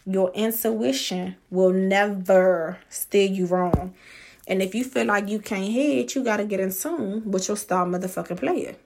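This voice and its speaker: Blunt, profane woman speaking slowly. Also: mid-range voice, creaky, a little mellow. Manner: blunt, profane and emphatic, drawing out key words. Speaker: podcast host. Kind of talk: motivational monologue.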